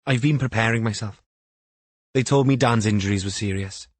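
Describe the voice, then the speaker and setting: A man voicing an odd, guarded young woman influencer in an audiobook, with flat, sarcastic delivery. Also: fairly low pitch, normal speed, dry recording, close to an everyday voice. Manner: flat sing-song sarcasm.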